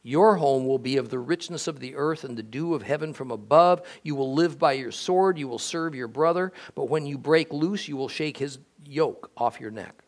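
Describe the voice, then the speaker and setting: A man reading scripture aloud, voicing a blind old father who speaks in a solemn, measured way. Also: medium pitch, close to an everyday voice. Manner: solemn, measured, pronouncing blessings.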